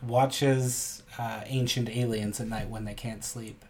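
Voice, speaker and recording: A man in casual podcast banter, rambling and musing as he goes. His pitch sits in an ordinary middle range. Clear background noise hisses under the voice. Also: steady tone, takes it slowly, darkish tone. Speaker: podcast co-host.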